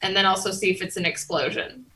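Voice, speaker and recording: A woman's voice: medium pitch, flat delivery, quick pace, music in the background, poor audio. A woman playing a tabletop game, giggly and a little hesitant, playful. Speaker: player. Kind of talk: casual tabletop play.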